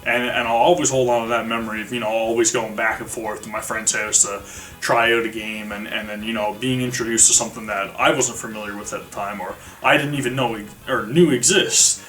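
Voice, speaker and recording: A man's voice: on the low side, steady tone, brisk, pushed and bright. Rambling man, slightly distant mic. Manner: rambling, many fillers and restarts. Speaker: video game reviewer. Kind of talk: casual spoken review. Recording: slightly distant mic with faint music behind.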